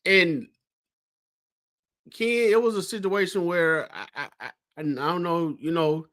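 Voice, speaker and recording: Man recounting a game, slightly high. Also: lively intonation, moderate pace, fairly bright tone. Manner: storytelling, conversational, many fillers. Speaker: co-host. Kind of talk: casual sports talk.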